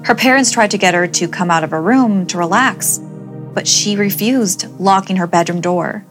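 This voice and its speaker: A woman narrating a scripted horror story, speaking dramatically and shifting between brisk and drawn-out delivery. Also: mid-range voice, over music.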